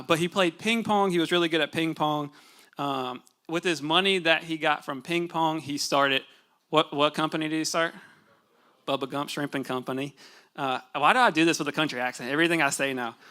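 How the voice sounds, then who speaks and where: A young man giving a casual, conversational sermon in a church, relaxed and chatty, with fillers and asides to the congregation. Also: fairly high pitch. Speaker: pastor. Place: church sanctuary.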